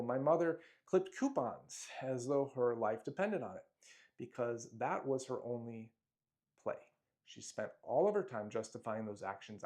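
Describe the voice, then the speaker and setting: A man at an ordinary pitch reads his own self-help booklet aloud with a motivational push. He lands short punchy phrases in a declamatory way and now and then drops a casual aside. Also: a little mellow.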